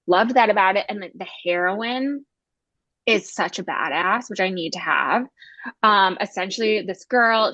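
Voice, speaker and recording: A woman's voice: mid-range voice, a bit bright, no echo. Woman co-host, emphatic and gushing, casual chat, dry muffled sound. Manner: gushing, emphatic, fast bursts of enthusiasm. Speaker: podcast co-host. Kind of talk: casual chat about books.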